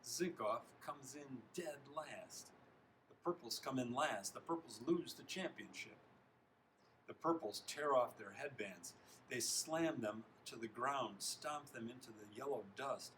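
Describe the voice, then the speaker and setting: A man reading a children's novel aloud, expressive, stopping now and then to comment on the text and correct himself. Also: medium pitch, measured pace, a little hiss or hum, low-quality recording. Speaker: reader.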